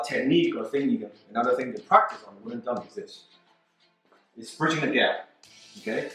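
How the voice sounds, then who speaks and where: A man demonstrating martial arts moves, speaking in broken English and repeating words as he shows each move. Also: medium pitch. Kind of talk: demonstration lesson. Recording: roomy echo, mic at a distance, faint music.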